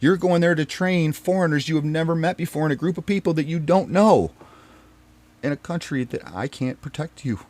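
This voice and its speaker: A man's voice: fairly high pitch, brisk. A man telling a painful personal story in an earnest, rambling way, restarting and repeating himself as he goes. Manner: earnest and pained, often dropping quiet. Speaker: storyteller recounting his marriage.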